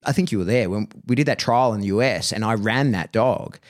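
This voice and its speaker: A man's voice: on the low side, brisk. A man, a dog trainer hosting a podcast, talking frankly in casual chat with lots of "like" and swearing. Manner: lively and frank, swearing, many fillers like "like" and "right".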